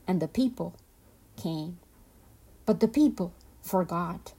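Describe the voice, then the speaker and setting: Storybook narrator: woman, slow and expressive, husky, mellow. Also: lowish voice. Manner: slow, expressive, lingering on words. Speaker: podcast host and storyteller. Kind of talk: storybook read-aloud.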